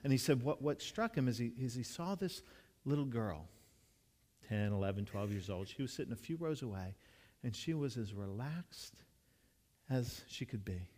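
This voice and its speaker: Earnest pastor preaching in a reverberant hall. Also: male voice, mid-range voice, animated, normal speed, a little mellow. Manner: earnest, storytelling, often restarts and repeats words. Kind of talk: conversational sermon. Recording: long reverb of a large hall.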